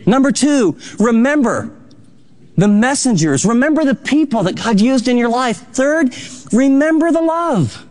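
Pastor, male, high voice, fervent sermon delivery, exhorting. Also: big pitch swings, a little slow. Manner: fervent, exhorting, swings between soft and loud.

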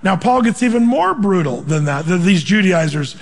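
Man, pastor, sermon, high voice, animated preaching, acts out voices, long hall reverb. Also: normal speed, gravelly. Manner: animated preaching, quoting scripture and acting out voices.

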